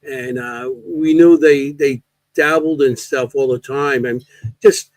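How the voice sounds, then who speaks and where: A man chatting casually on a podcast, halting and rambling, often restarting his sentences. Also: a little high, fairly even intonation, a little mellow, dry recording. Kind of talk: casual chat.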